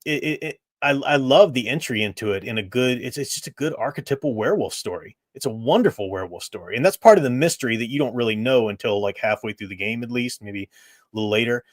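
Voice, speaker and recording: A man's voice: medium pitch, animated, quick pace, dry recording. Enthusiastic man rambling through a game review. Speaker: host reviewing games. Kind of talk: casual review chat.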